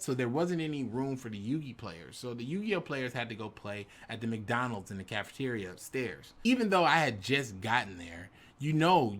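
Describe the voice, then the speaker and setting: Animated man telling a story. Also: mid-range voice. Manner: animated, switches into dramatic voices for quotes. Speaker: YouTube storyteller.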